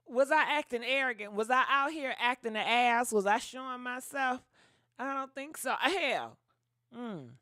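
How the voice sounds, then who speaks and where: Young woman gossiping live to her viewers, high bright voice, dry close sound. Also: no room sound. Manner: chatty, dramatic, laughs and thanks donors. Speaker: gossip channel host. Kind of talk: casual livestream chat with viewers.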